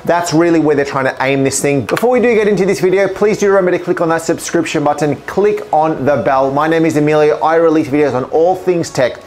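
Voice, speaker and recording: A man with an Australian accent, an enthusiastic tech YouTuber walking through a product review in an upbeat, animated way. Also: on the high side, fast, few pauses.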